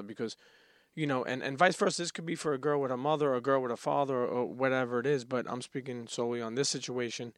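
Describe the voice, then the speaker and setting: A man hosting a podcast interview, earnest and halting, restarting his sentences. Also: mid-range voice, fairly even intonation, dry recording, studio quality. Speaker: podcast host. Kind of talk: casual interview.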